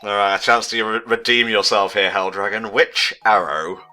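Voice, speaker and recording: A man's voice: on the low side, fairly even intonation, normal speed, sharp tone. A man giving casual, jokey commentary on a puzzle game and reading the answer options aloud. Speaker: let's play commentator.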